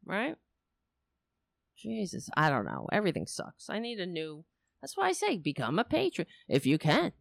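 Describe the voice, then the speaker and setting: A woman's voice: on the low side, wildly swooping pitch, moderate pace, creaky, no echo, studio quality. Blunt, swearing woman ranting on a livestream. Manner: blunt, profane, exasperated. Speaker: political livestream host. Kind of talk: casual ranting commentary to a live chat. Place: home setup. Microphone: cheap home microphone with headphones.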